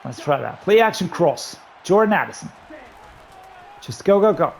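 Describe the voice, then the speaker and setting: A man giving running commentary while playing a football video game, excitedly talking through his play calls to himself. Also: fairly high pitch, normal speed, vocal fry, slight background noise. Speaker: gaming YouTuber. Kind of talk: live gameplay commentary.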